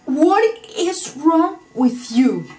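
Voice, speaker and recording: A young woman casually reacting to a TV episode, excitable, laughing and swearing often. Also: high-pitched, very slow, distant mic, faint music behind. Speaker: TV show reactor.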